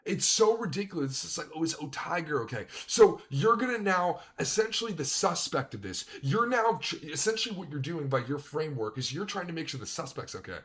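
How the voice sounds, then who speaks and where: A man's voice: a little high, lively intonation, brisk, few pauses, fairly bright tone. A man streaming a reaction, ranting angrily and swearing as he comments on a video. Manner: angry, profane ranting.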